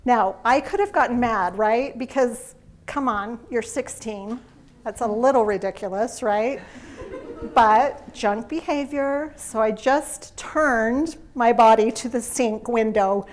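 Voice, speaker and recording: Middle-aged woman, workshop presenter, slightly high voice, animated, laughs easily. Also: measured pace, slight background noise. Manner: animated storytelling, laughs often. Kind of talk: live talk to an audience.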